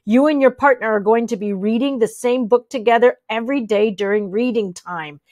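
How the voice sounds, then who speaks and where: A woman's voice: a little high, fairly quick, darkish tone, no room sound, close to an everyday voice. A woman voicing a patient, upbeat elementary teacher who speaks in an encouraging, sing-song way. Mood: teacherly.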